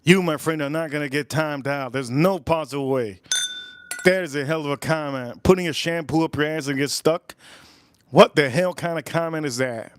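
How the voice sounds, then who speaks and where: A man's voice: normal speed, smooth. A man hosting a whiskey livestream, reading chat comments aloud with crude jokes and rambling asides. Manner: animated pitch swings, pitch jumps up when exclaiming. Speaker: livestream host reviewing whiskey.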